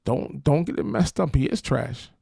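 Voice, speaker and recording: A man's voice: mid-range voice, normal speed, gravelly, warm tone, slightly rough, no echo, clean studio sound. A man hosting a football podcast, talking in brash, slangy, trash-talking fan commentary.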